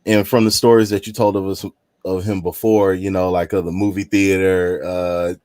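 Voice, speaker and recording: A man in casual conversation, relaxed and encouraging as he responds to a story. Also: low voice, normal speed, no room sound, clean studio sound. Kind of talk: casual chat.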